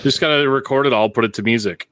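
A man's voice: mid-range voice, fast talker, a bit bright, a little hiss or hum. A man co-hosting a podcast in casual chat, self-deprecating and a little hesitant. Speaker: podcast co-host.

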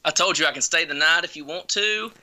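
A man's voice: a little high, fast talker, bright, forceful tone. A man co-hosting a casual chat, easygoing and agreeable, and sometimes trailing off mid-sentence.

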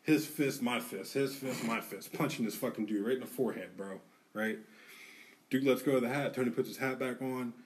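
Male podcast co-host, animated profane storyteller, set back from the mic in a studio. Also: medium pitch, a little fast, recorded from a distance. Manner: animated, profane, acts out quotes. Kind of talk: casual storytelling.

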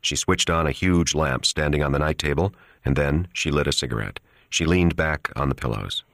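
Male audiobook narrator, extremely deep voice, steady even storytelling, dry close sound. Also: normal speed, no echo.

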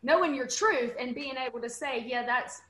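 A woman's voice: high voice, normal speed, background noise. A woman chatting on a panel, telling stories and acting out what people said. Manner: animated storyteller, acts out quotes. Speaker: panel guest. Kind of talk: casual panel chat. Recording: roomy echo.

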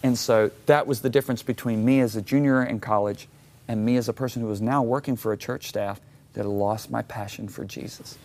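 With a medium-pitched voice and a fairly quick delivery, a middle-aged Michigan author guests on an interview show. He tells a personal story animatedly, dramatizing his own responses.

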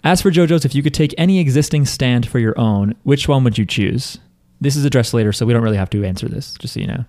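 Man, podcast co-host, casual chat, reads listener mail, wry asides, mid pitch. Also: darkish tone. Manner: wry, joking asides, drops into quick mutters. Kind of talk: casual chat, reading a listener email aloud.

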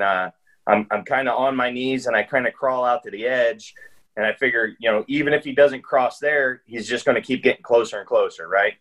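A man's voice: mid-range voice, fairly bright tone, poor audio. Rambling man telling a hunting story. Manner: rambling, with frequent restarts and fillers. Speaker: guest hunter. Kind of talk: casual storytelling.

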